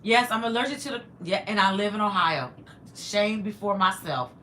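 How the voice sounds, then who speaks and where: A woman's voice: mid-range voice, moderate pace, slight background noise. A woman hosting a casual livestream from inside her house, chatting with viewers and reading their comments aloud. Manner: chatty and animated, talks back to viewers and her pet. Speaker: livestream host.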